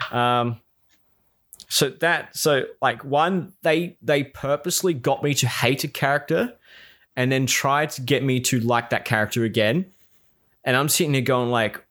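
A man in casual chat, retelling a series with lively put-on quotes and frequent swearing. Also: medium pitch, normal speed. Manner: animated, acts out characters' lines, swears freely.

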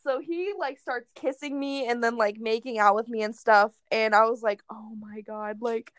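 A woman's voice: fairly high pitch, steady tone, normal speed, a bit bright, clean tone, no room sound. A young woman telling a crude personal story in casual chat, swearing freely and laughing often.

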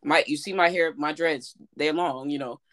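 A woman chatting casually as a guest, relaxed and conversational, often asking "you know what I'm saying". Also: sits low, moderate pace, no echo, studio quality. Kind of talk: casual chat.

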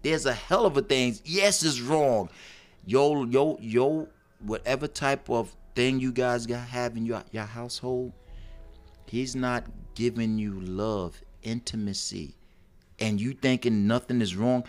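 A man with a mid-range voice takes his time as he co-hosts an advice talk show. His on-air chat is casual and emphatic, peppered with slang and a steady stream of rhetorical questions.

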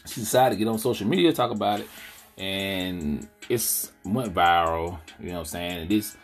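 Over faint background music, a podcast host with a low voice speaks at normal speed in casual African American Vernacular English. His commentary monologue is blunt and indignant, peppered with "you know what I'm saying."

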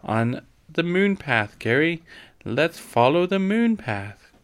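A man's voice: mid-range voice, big pitch swings, measured pace. A man voicing a frightened young pioneer girl who talks in breathless, urgent bursts. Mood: excited.

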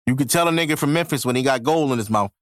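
A man's voice: medium pitch, racing, no room sound. Profane, slangy male podcast host, dry sound. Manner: loose, profane street slang with frequent laughs. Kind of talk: casual solo podcast rant. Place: home podcast setup in New York.

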